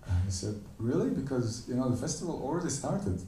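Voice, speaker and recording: A man giving a temple lecture, animatedly telling a story and acting out the characters' quoted lines in a higher voice. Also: sing-song, fairly quick, dark tone. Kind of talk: storytelling sermon. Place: temple hall. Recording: echoey room, voice from a distance.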